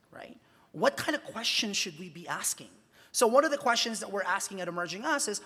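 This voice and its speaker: A man with a bright, forceful voice addresses a room of students. He fires off rhetorical questions with real emphasis. The sound carries a long hall reverb. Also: sits high. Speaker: journalist giving a talk. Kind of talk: conference talk to students. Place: large convention hall.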